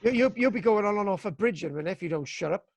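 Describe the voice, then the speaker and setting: A man from Britain teaching archaeology to young students over a video call, excitable and jokey, mock-exasperated, tagging "right?" onto his sentences. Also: high-pitched, racing, gravelly, dry recording. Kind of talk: live online class.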